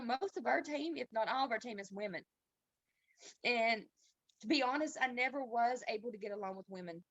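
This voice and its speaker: A woman giving a heartfelt, halting testimony on a video call. She is tearful and pauses and restarts often. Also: a little high, fairly bright tone, no echo. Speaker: team member sharing a testimony. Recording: dull, dry lo-fi call audio.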